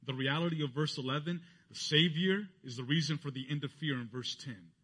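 A man with a bright, slightly husky voice preaching a sermon. He talks earnestly and lifts his pitch when he speaks the lines of the people in his story. His voice sits a little higher than most men's. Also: brisk. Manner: earnest preaching, voicing quoted speech with rising pitch. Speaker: pastor.

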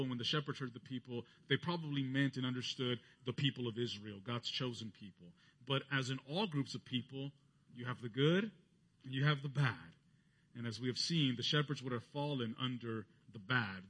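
A man's voice: normal speed, fairly bright tone, breathy edge. A man preaching a sermon earnestly, lifting his voice when he quotes others. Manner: earnest preaching, voicing quoted speech with rising pitch. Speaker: pastor.

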